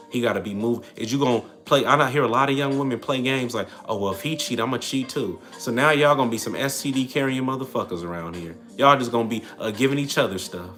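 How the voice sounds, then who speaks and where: Black guy ranting advice on a live stream, blunt and streetwise, music faint behind. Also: mid-range voice. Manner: blunt, streetwise, animated preaching to chat. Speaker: livestream host. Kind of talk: casual livestream advice talk.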